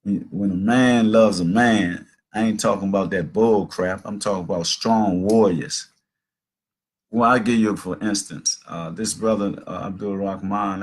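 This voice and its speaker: A man of about sixty hosts a talk show, telling stories in a loose, earnest, casual monologue peppered with "man" and "you know." His voice is low, with slight background noise.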